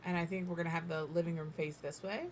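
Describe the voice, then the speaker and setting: A woman in her thirties with a slightly low voice talks through her building choices in a loose, chatty way, teasing herself as she goes. She sometimes speaks while chewing. A faint hum of room noise sits under her voice. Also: fairly even intonation, fast talker, a little mellow. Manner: chatty, self-mocking, thinks aloud. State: talking while eating. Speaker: game builder streamer. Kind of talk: casual build commentary.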